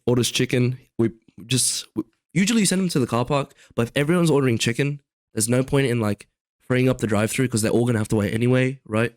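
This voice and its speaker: A young man co-hosting a podcast rambles through casual talk in a medium-pitched voice with a darkish tone, using many fillers and restarts. There is little room echo; the sound is dry.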